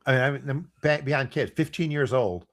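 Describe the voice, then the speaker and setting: A man in his fifties from New York City, co-hosting a podcast chat, telling rambling, animated stories and acting out the voices. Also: mid-range voice, moderate pace. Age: 50s. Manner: animated, rambling storyteller who acts out voices. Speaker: podcast co-host. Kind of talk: casual chat.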